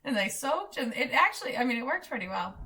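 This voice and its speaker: A woman co-hosting a casual chat, an animated storyteller who acts out what people said. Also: high voice, fast talker, recorded from a distance. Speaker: podcast co-host, nurse. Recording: set back from the mic.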